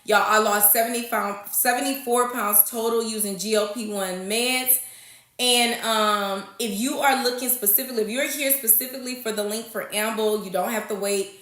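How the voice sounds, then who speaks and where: A woman's voice: on the high side, steady tone, moderate pace, fairly bright tone. A woman hosting a casual livestream, chatting with viewers and greeting them by name, calling them honey and y'all. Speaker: livestream host. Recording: echoey room.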